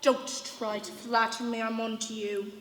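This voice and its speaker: A woman's voice: a little high, level tone, moderate pace, a bit bright, natural voice. An actress playing a sardonic servant woman with dry, muttered asides, in a live stage play. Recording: echoey hall, music behind.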